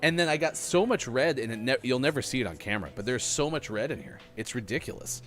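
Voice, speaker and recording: A man's voice: medium pitch, expressive, quick pace. A middle-aged man hosting a morning radio show, chatting casually and joking while reading out facts. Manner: chatty, jokey, reads facts aloud.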